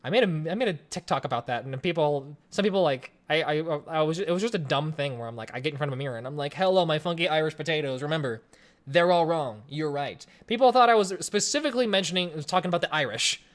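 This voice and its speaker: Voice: mid-range voice, expressive, quick pace. A person in their twenties from Colorado, hosting a casual livestream Q&A from home and answering chat in a rambling, joking way. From Colorado, USA. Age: 20s. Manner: rambling, joking, chatty with frequent restarts. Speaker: livestream host. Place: home room, in front of a webcam. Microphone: desk microphone on a stream setup.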